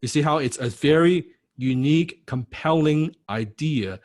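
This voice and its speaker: A course instructor with a slightly high, darkish-toned voice speaks unhurriedly in a recorded lecture. Blunt and punchy, he throws out rhetorical questions, checks "right?" after every point, and sometimes swears for emphasis.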